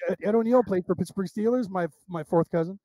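An American man talks as a guest in a casual interview, telling long, winding stories with plenty of restarts. His voice sits high but has a soft, mellow tone. The sound is close and dry, with no room echo. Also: quick pace. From United States. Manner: rambling, animated anecdotes with restarts.

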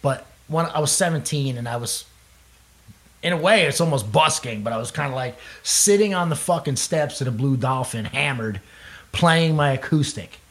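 A young male musician, appearing as a guest in a casual chat, speaks with a medium-pitched, expressive voice at a moderate pace. He's loose and profane, rambling through stories and laughing often.

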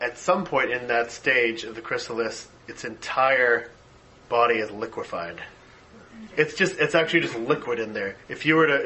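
A man's voice: mid-range voice, pushed and bright, poor audio. A man leading a casual discussion, talking with enthusiasm and lots of fillers, while losing his voice. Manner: enthusiastic, many fillers and laughs.

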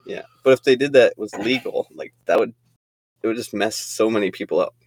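A man's voice: fairly low pitch, brisk, a little mellow, no echo. A young man co-hosting a podcast in casual chat, laughing often and rambling through crude jokes. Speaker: podcast co-host.

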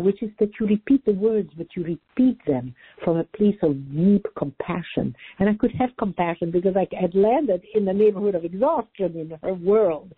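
A woman's voice: medium pitch, breathy edge. A woman, an interview guest who teaches about relationships, tells a personal story in an earnest, emphatic, reflective way. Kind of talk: storytelling in conversation. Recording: tinny phone-line sound.

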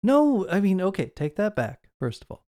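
Chatty man with a smooth voice. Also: sits high, wildly swooping pitch, moderate pace, darkish tone. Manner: chatty, rambling with fillers and asides. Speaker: podcast co-host. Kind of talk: casual movie discussion.

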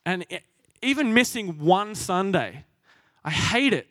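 A man's voice: high voice, animated, moderate pace, a bit bright, dry recording, studio quality. A young man preaching a sermon, earnest and self-deprecating, laughing at himself as he goes.

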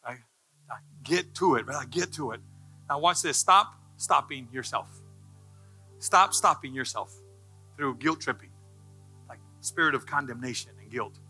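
Pastor guy preaching, jokey then fired up, really bright voice, faint music behind. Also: mid-range voice, unhurried, pauses often, poor audio. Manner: jokey, builds to loud passionate preaching. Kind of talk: sermon.

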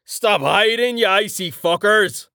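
A man's voice: high voice, unhurried, sharp tone, dry recording, voice pushed up, heavily acted. Brief: boisterous big warrior, as a male narrator puts him on, bellowing, dry close sound. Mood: rowdy. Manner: bellowing, rowdy.

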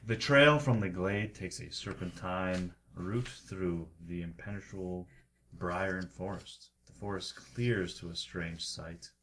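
Game master, male, very low voice, measured scene narration, noisy recording. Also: a bit bright.

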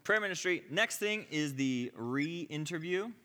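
Lively man teaching healing prayer. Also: on the high side, unhurried, long reverb tail. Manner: conversational, many asides and checks like "okay?". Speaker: ministry teacher.

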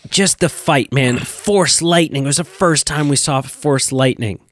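A man's voice: fairly high pitch, measured pace, no room sound. A man co-hosting a podcast, talking in an enthusiastic, rambling way with many restarts. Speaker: podcast co-host. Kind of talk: casual chat.

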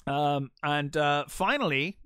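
A man's voice: a little high, sharp tone, clean tone, no room sound, clean studio sound. A man co-hosting a podcast, retelling film scenes in casual chat with lots of fillers. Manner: retells scenes with quick put-on voices, many fillers. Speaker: podcast co-host.

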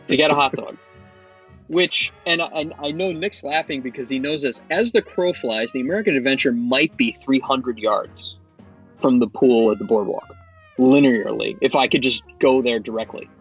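A man in his thirties or forties tells a rambling story with exasperated asides and wry jokes. His voice has a slightly husky edge. Faint music plays in the background. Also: mid-range voice, moderate pace. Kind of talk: casual chat.

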